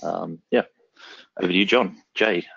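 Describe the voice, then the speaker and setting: A man's voice: sits low, moderate pace, vocal fry, highs cut off, noisy background. A man with an Australian accent, a systems engineer joining a casual panel chat in a laid-back way.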